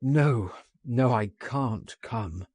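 A man's voice: mid-range voice, very slow, darkish tone, husky, no echo. A man voicing a frightened grown man who pleads in despair, in an anguished manner. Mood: resigned.

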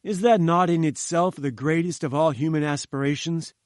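A man's voice: on the high side, steady tone, normal speed, dry recording, clean studio sound, pitched above the performer's own voice, lightly acted. A man voicing an imperious, scornful older male scientist who talks in curt commands, in an audiobook reading. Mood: angry.

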